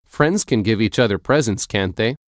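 A man's voice: on the low side, expressive, moderate pace, dry recording, studio quality, close to an everyday voice. A man voicing Valerie, a cool teenage girl. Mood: evasive.

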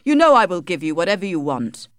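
An arrogant young gentleman, read by a woman, pushing and careless, his lines louder and a touch higher than the telling around them. The voice sits low for a woman, dry and close. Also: sing-song, fast, no echo. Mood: offhand. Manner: demanding, offhand, mocking.

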